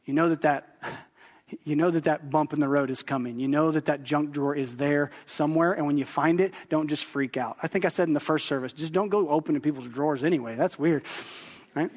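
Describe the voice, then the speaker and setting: A man's voice: a little high, brisk. A man in his thirties preaching a sermon as a pastor, conversational and joking with the congregation. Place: church sanctuary. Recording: long reverb of a church hall.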